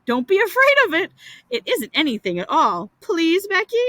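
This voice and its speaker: A woman's voice: extremely high pitch, wildly swooping pitch, moderate pace, pushed and bright, dry recording, voice pushed up, exaggerated voice. A woman voicing an eager, boastful young schoolboy who coaxes and brags, read aloud in a storybook reading.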